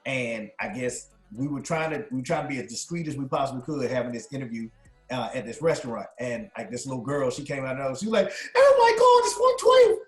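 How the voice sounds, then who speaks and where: Animated storytelling man in an echoey room. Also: quick pace, faint music behind. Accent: Southern US. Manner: animated storyteller, jokes, laughs, does high squealing impressions. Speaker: singer being interviewed. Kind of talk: casual storytelling interview.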